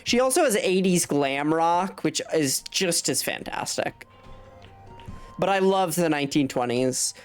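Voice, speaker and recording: Young woman game streamer, low voice, slow and rambling, cusses a lot, faint music under her. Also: lively intonation. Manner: rambling, swears freely, laughs mid-sentence. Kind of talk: casual live-stream chat while gaming.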